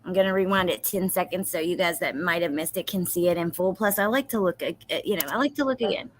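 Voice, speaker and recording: A woman's voice: lowish voice, fast talker, a little hiss or hum. A woman streaming commentary on interrogation footage, reading viewers' names and reacting with outrage. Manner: outraged, talks to viewers in chat. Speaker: true crime streamer.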